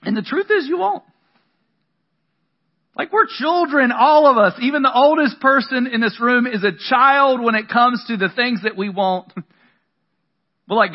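A man's voice: very high-pitched, unhurried, pauses often. A young man preaching a sermon to a congregation, conversational with dramatic emphasis. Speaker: pastor. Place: room with a congregation. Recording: dull lo-fi sound.

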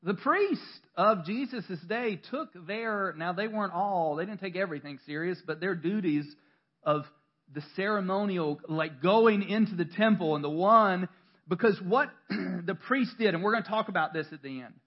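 High-voiced pastor preaching conversationally. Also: male voice, moderate pace, muffled recording. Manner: conversational, self-deprecating storytelling with laughs and restarts. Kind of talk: sermon. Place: church.

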